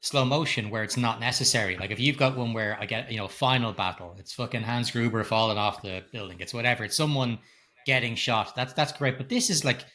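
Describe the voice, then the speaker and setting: Man, middle-aged, podcast co-host, bright forceful tone, halting, repeats words, blunt. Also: medium pitch. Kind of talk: casual film review chat.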